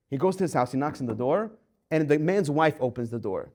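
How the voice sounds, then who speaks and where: Rabbi guy telling a story in a torah class, slightly high voice, acts out all the quotes. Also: animated, fairly quick, a little mellow.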